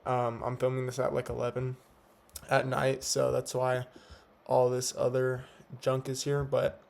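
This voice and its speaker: A young day trader talks through his trading day at home at night in a relaxed, slangy way, with a slight lisp from teeth whitening strips. His medium-pitched voice is gravelly and a bit dark, and he speaks in an unhurried monotone.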